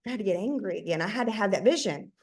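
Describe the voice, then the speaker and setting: A woman's voice: medium pitch, lively intonation, rapid-fire. A woman in her thirties giving an emphatic motivational talk to her team, often repeating words for emphasis. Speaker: network marketing team leader.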